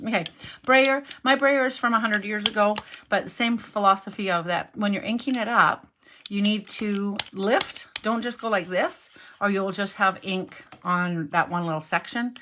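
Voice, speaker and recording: A woman's voice: medium pitch, moderate pace, background noise. A middle-aged woman giving a casual cardmaking lesson at her craft table, chatty and thinking aloud as she works, often correcting herself. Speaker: cardmaking instructor.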